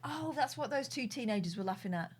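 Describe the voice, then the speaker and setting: A woman's voice: on the high side, animated, quick pace, slightly rough. A woman co-hosting a podcast, making dry, wry remarks while watching a show. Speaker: podcast co-host. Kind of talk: watch-along commentary.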